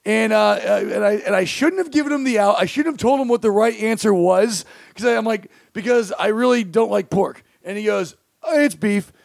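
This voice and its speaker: High pitched guy with a gravelly voice, telling stories on a podcast, dry close mic. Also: a little fast, no room sound. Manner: animated storyteller, acts out quotes loudly. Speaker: podcast co-host. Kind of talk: casual comedic storytelling.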